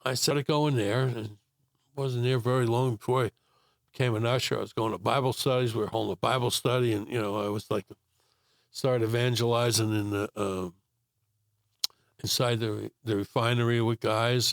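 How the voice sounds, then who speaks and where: An older man with a gravelly, rough-edged voice tells his story in a relaxed, rambling way, full of pauses and fillers. He is recorded close on a dry mic with no room sound. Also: mid-range voice, dry recording. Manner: rambling storytelling with many fillers and acted-out quotes. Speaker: guest telling his faith story. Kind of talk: casual testimony interview.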